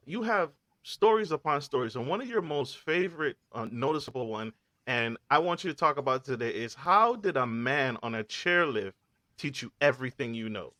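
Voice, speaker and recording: A man's voice: mid-range voice, bright, forceful tone, no echo. A man hosting a podcast, effusive and formal, hyping up his guest. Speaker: podcast host. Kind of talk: enthusiastic hosting.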